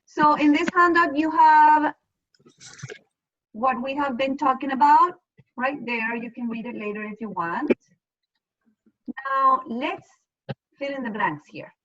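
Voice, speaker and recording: A woman's voice: high-pitched, measured pace, long pauses, a bit bright, highs cut off. A woman teaching a Spanish class over a video call, explaining patiently and step by step. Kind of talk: online class lesson.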